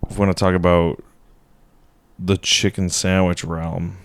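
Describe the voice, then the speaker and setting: A man's voice: sits low, little pitch movement, measured pace, no echo. A man in a casual podcast chat, talking with a wry, dry sense of humor. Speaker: podcast co-host.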